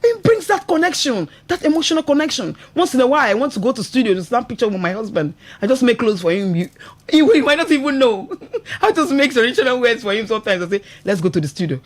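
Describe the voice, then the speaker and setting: A woman's voice: on the high side, lively intonation, fast. A Nigerian woman hosting a radio talk show. She speaks with feeling and laughs often, checking in with "you understand?" as she goes. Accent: Nigerian English. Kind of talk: casual radio talk about marriage. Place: radio studio.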